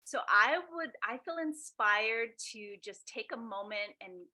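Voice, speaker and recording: A woman hosts an online speaker series over a video call, her voice bright and ringing. She cheers her guests on with effusive praise, then slows into a soft, guiding tone to lead everyone through a body exercise. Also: fairly high pitch, lively intonation, no room sound, low-quality recording. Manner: warm, effusive, softly guiding. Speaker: host. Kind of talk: guided embodiment exercise and hosting a video call.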